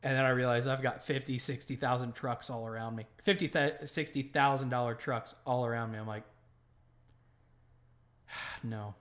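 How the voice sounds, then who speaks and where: Profane, animated podcast storyteller man. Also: medium pitch, normal speed, pauses often. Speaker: podcast host. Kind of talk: casual storytelling chat.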